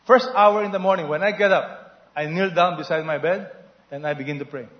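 Animated male preacher in echoey church. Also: a little high, brisk. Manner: animated preaching, call-and-response questions to the congregation. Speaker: pastor. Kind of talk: sermon. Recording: echoey, slightly dull hall recording.

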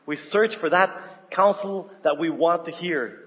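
A man with a notably high voice preaches a sermon in a church hall. He is emphatic and keeps turning to the congregation with questions. The recording is dull and lo-fi. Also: a little slow. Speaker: pastor.

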